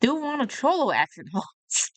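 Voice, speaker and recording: A woman's voice: mid-range voice, lively intonation, fairly quick, a bit bright, dry recording. A woman with a light Texan accent chatting casually as a streamer over a video, with rambling asides. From Texas. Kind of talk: casual reaction commentary. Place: home streaming setup.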